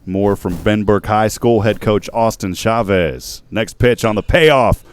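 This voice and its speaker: A man giving steady, measured baseball play-by-play commentary as the announcer. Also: clear, resonant tone. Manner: steady, measured calls of each pitch.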